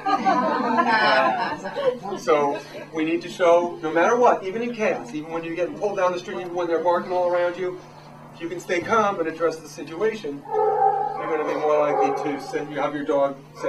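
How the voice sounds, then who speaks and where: A man in his thirties, a dog trainer, giving a casual, animated talk to a live audience. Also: a little high, fairly quick. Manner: animated, acts out quotes in raised voices. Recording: echoey room from far off, noisy.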